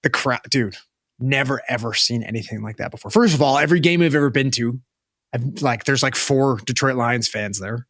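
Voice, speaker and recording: A man's voice: mid-range voice, brisk, a bit bright, no room sound. A young man from Western Canada, co-hosting a podcast and telling a rambling, sweary story in a casual chat, on a close mic. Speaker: podcast co-host.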